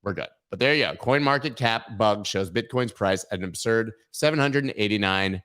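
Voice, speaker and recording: Riffing on silly bits and joking with viewers, a crypto news livestream host chats casually while sitting at his webcam. He sounds animated, with a fairly low, fairly bright voice at normal speed.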